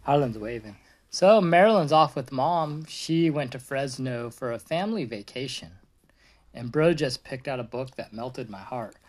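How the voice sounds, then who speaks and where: A father reading a picture book aloud to his toddler in a gentle storybook voice, with a short cheerful hello to his viewers. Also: medium pitch, lively intonation, normal speed.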